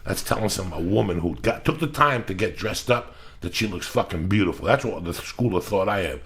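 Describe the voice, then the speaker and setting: A man's voice: low-pitched, animated, a little fast, a bit bright. A middle-aged man hosting a podcast, ranting in a casual, profane, emphatic way. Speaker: podcast host.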